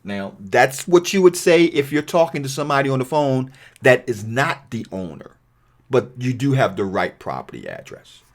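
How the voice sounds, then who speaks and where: A man's voice: mid-range voice, sing-song, moderate pace. A man giving a real estate training video, talking in a conversational way and reading cold-call phone scripts aloud to show tone.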